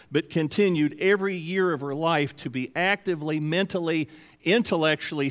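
A pastor in his sixties preaching a sermon. He talks conversationally and moves easily into acted-out exchanges. His voice sits at a medium pitch for a man. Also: long reverb tail. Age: 60s.

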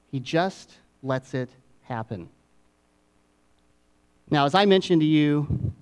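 A middle-aged man preaching a sermon, dropping to hushed asides and rising to emphatic peaks with dramatic pauses. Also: on the high side, clean tone. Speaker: pastor.

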